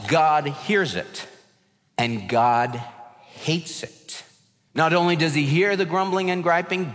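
A man preaching a sermon as pastor, animated, acting out grumbling kids and dropping to a mutter. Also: fairly high pitch. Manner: animated, acts out complaining kids and murmurs. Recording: long hall reverb.

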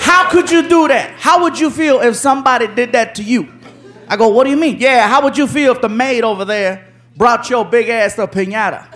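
A man doing stand-up, telling a story in an animated, shouting way and acting out people. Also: very high-pitched, fairly quick. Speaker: stand-up comedian. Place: comedy stage before a live audience. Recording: live show with loud crowd noise.

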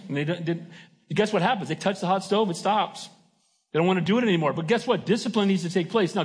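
Husky-voiced pastor preaching conversationally. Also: male voice, sits high. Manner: conversational preaching with frequent "Amen?" call-outs. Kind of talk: sermon.

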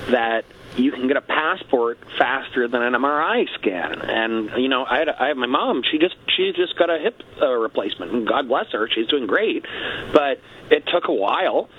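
Canadian guy on talk radio, punchy and emphatic, kinda dull lo-fi sound w faint hiss. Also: mid-range voice. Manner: emphatic, repeats catchphrases. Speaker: radio show host. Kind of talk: satirical talk radio banter.

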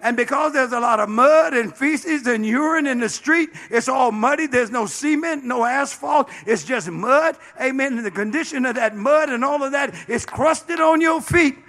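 A man's voice: extremely high pitch, normal speed, hardly any pauses, a bit bright. A man, a bishop, preaching a sermon with passion, dropping frequent amens and calling out to the congregation. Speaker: bishop and pastor.

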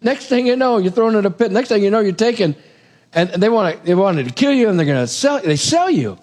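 A man preaching a sermon, retelling a Bible story in a casual, animated way with asides to the congregation. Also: high voice, brisk.

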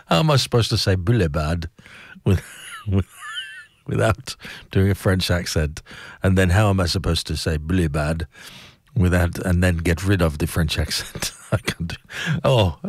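Deep-voiced man in wry, rambling chat. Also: no echo, studio quality. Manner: chatty and digressive, often breaking into laughter; wry, mocking asides. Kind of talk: casual chat.

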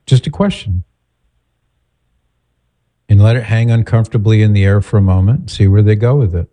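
A male host giving direct, steady advice to a caller. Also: fairly low pitch, normal speed. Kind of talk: advice talk show.

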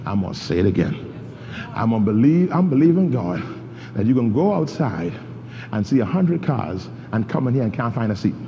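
A male pastor preaching a sermon, leading his congregation through a reading and swinging between shouting peaks and low asides. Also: very animated, fairly quick. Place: church sanctuary. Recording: dull reverberant church recording with faint noise.

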